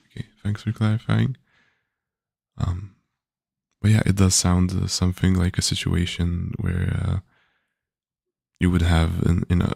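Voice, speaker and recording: A man's voice: low-pitched, vocal fry, a little mellow, no echo, studio quality. A man, a game developer, thinking aloud casually while coding, hesitant with many filler sounds.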